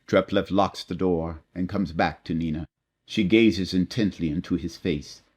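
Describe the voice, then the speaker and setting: A man's voice: low-pitched, steady tone, a little slow, darkish tone, slightly rough. A man reading stage directions in a play reading, plain and matter-of-fact.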